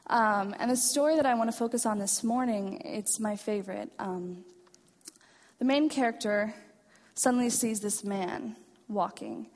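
A woman speaks to a student chapel in an earnest, lightly self-deprecating way, telling stories. Her voice sits fairly high, and it rings with a long hall echo. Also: a little slow, a little mellow. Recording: reverberant hall.

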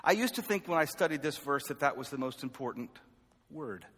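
A man's voice: a little high, expressive, a little fast, breathy edge. Male pastor, conversational sermon with self-deprecating asides, long hall reverb. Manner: conversational, self-deprecating, swings from loud calls to quiet asides.

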